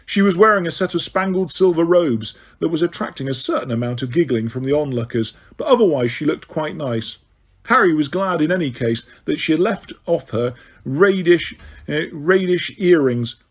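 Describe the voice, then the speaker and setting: A man's voice: fairly high pitch, animated, moderate pace, slightly rough. A man reading a novel aloud as an audiobook narrator, with occasional stumbles and restarts. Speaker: audiobook reader.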